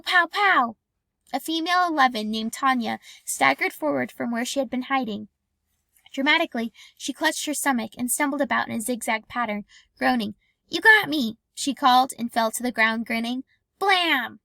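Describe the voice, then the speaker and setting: Woman reading a chapter out loud, kinda high voice, dry close mic. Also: gravelly, no echo. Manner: calm, even storytelling with lightly acted dialogue. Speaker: audiobook reader. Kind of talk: scripted narration.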